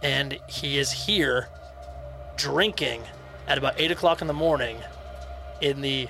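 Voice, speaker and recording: A man's voice: medium pitch, a little slow, vocal fry, bright, forceful tone. A man narrating a tabletop game as game master, describing scenes in detail and joking about his own voices. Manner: descriptive, self-deprecating. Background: background music.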